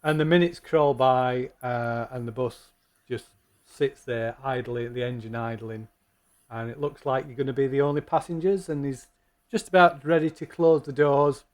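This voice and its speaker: A man running a tabletop game as game master, narrating in a rambling, halting way. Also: mid-range voice, steady tone.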